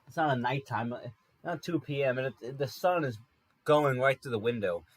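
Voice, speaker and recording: In a brisk, mid-range voice, this man tells a wandering, dryly humorous story as a podcast host. The casual monologue comes from an apartment room near a highway, and he corrects himself as he goes.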